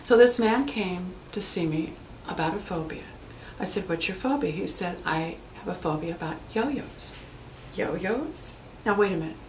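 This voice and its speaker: Lively woman telling client stories, echoey room. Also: fairly low pitch, normal speed, a little hiss or hum. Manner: animated storyteller acting out quoted voices. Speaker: hypnotherapist. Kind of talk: anecdotal storytelling talk.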